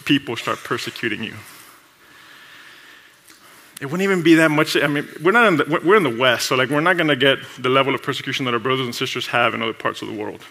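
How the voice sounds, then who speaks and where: A man preaching a sermon in a lively, conversational way, laughing often and acting out short exchanges with coworkers. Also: medium pitch, gravelly. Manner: acts out coworkers' voices in quick asides. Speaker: pastor.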